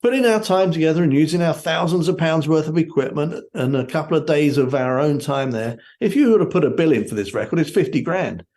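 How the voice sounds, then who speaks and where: A man's voice: on the high side, lively intonation, a little fast, few pauses, darkish tone. A man guesting on an interview show, chatting casually and telling rambling stories with many fillers. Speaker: guest musician.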